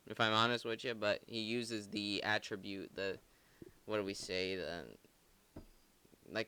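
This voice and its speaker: A man's voice: lowish voice, bright, forceful tone, clear, resonant tone. A man co-hosting a podcast, breaking down song lyrics in casual, rambling talk full of filler words. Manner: rambling, heavy use of filler "like", earnest. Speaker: podcast co-host. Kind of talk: casual song analysis chat.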